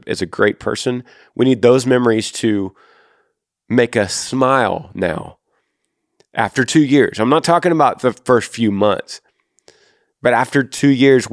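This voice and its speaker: A man in his thirties with a Texan accent and a lowish voice hosts a faith-based advice podcast, speaking earnestly and directly to a listener. The recording is dry and of studio quality.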